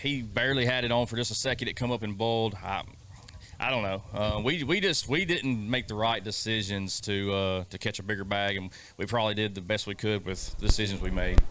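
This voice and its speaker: A man being interviewed after a fishing tournament, answering in a halting way with many fillers. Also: on the low side, a bit bright. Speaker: tournament angler.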